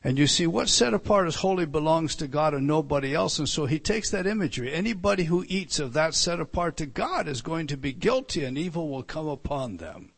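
Animated male preacher with lively pitch. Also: brisk, gravelly, few pauses. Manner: animated teaching, many restarts and stammered repeats; builds to loud emphatic lines, drops to soft asides. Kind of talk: sermon.

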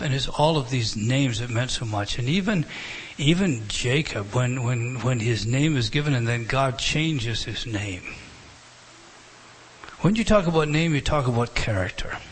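A man preaching an expository Bible teaching, animated and repeating and restarting phrases as he explains the text. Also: mid-range voice, a little hiss or hum.

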